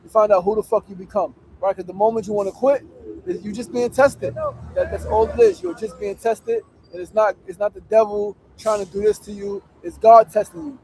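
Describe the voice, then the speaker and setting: A man with a high voice speaks outdoors, cursing freely and repeating himself for emphasis as he preaches grit and purpose. He sounds middle-aged. Faint city traffic hums behind him. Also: a little fast, a little mellow, low-quality recording. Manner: profane, emphatic, repetitive, preachy. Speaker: livestream host on a public fast. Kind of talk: casual motivational livestream talk. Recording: faint urban street noise.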